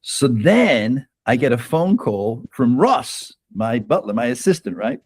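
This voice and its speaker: A man's voice: medium pitch, very animated, measured pace, a little mellow, husky, no room sound. A man guest telling a personal story in casual conversation, often tagging sentences with "right?" and laughing between lines. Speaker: author guest.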